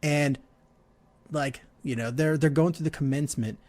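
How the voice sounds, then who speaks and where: A man's voice: a little high, moderate pace, a little mellow. A middle-aged man hosting a casual podcast chat, telling self-deprecating stories with frequent laughs. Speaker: podcast host.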